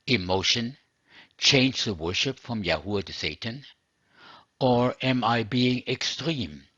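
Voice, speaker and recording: A man delivering a scripted sermon in a measured, earnest preaching manner. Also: on the low side, a bit bright, breathy edge, no room sound, highs cut off. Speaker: religious teacher.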